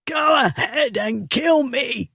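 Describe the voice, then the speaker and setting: A man voicing a coarse drunken male bully who shouts and gasps crude slang. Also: on the high side, very animated, slow, dry recording, clean studio sound. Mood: belligerent.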